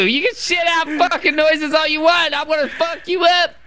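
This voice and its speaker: A young man playing a video game, shouting loud, profane taunts in a fury at another player. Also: extremely high pitch, fairly even intonation, moderate pace, hardly any pauses, a little hiss or hum. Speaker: gamer. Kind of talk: shouted gameplay banter.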